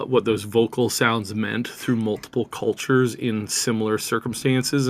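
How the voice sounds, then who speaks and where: A man's voice: mid-range voice, fairly bright tone. Indignant rambling male podcaster. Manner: rambling, frequent restarts, indignant. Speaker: podcast co-host. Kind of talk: casual podcast commentary.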